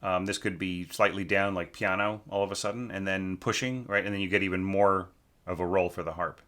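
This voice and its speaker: A man with a bright, fairly low voice goes through a student's orchestral score as a teacher. He thinks aloud, keeps checking in with "right?", and sings passages in quick nonsense syllables. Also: steady tone. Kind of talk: spoken score critique.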